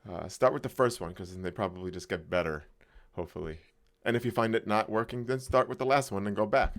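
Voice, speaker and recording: Laid-back ranting podcast co-host. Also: male voice, on the low side, quick pace. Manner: laid-back, ranting with bursts of excitement and swearing. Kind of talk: casual comedic podcast chat.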